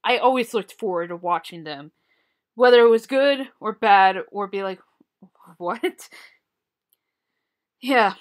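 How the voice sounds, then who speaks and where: A woman's voice: mid-range voice, normal speed. A woman giving blunt, opinionated solo commentary on a TV show, swearing freely. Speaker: TV commentary vlogger.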